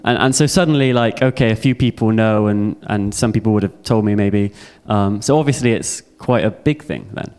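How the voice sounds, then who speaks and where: A man's voice: on the low side, moderate pace, hardly any pauses, a little mellow, clean tone. A young man giving a heartfelt personal testimony sermon to a youth audience. He speaks earnestly and repeats phrases for emphasis.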